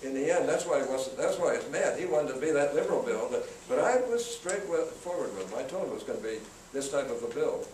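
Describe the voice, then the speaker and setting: An older man spins folksy stories for a student crowd, his voice carrying from a distance across a roomy hall. Steady noise hums behind him. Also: mid-range voice, quick pace, few pauses. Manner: folksy anecdotal, acts out quotes. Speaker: guest speaker, senator. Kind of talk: storytelling talk to students. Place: campus event room. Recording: roomy, from far off, noisy.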